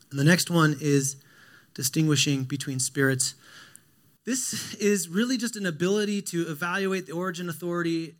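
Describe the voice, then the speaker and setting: A man preaching a sermon in a conversational, animated way, with frequent restarts. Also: on the high side. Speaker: pastor.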